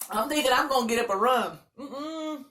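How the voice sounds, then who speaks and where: A woman vlogger telling a story in a loud, animated, dramatic way. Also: high-pitched. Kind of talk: casual storytelling.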